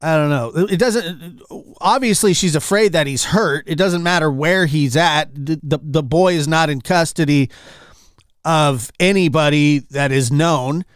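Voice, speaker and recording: A fairly high-voiced man rants over news clips, exasperated and repeating himself, his voice jumping between loud bursts and mutters. The sound is dry and close, with no room around it. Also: measured pace, dry recording. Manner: exasperated, repetitive, swings loud and soft. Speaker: commentary channel host. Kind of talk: casual reaction commentary.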